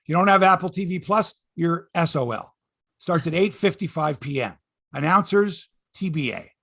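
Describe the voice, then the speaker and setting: A man's voice: fairly high pitch, expressive, moderate pace, a bit bright, no room sound, studio quality. A middle-aged man hosting a sports podcast in casual chat, rambling, opinionated and joking. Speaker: podcast host.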